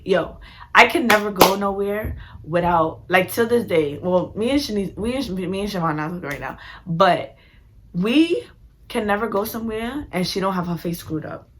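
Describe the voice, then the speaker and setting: A young woman telling a story in a casual, slangy way, full of "like" and acted-out quotes. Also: fairly low pitch. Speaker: vlogger.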